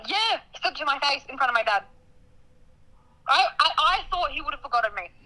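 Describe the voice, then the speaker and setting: Young woman, high and bright, animated dramatic storyteller in casual chat. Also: brisk, poor audio. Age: young adult. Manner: animated, dramatic storytelling with laughter and acted-out quotes.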